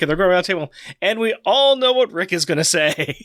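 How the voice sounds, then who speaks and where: Excited, animated podcast co-host, male. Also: high-pitched, a little fast, no echo, clean studio sound. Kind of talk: casual chat.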